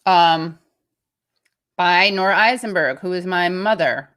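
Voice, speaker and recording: A woman's voice: fairly low pitch, slow pace, a bit bright. Chatty American woman hosting a livestream. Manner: rambling, chatty, reading viewer comments aloud. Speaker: show host. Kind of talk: casual livestream chat.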